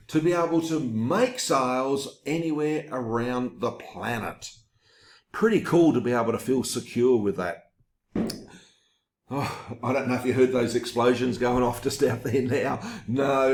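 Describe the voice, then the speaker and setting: A man's voice: medium pitch, reverberant. An Australian man presenting a sales webinar from his home office, talking in an upbeat, chatty, salesy way.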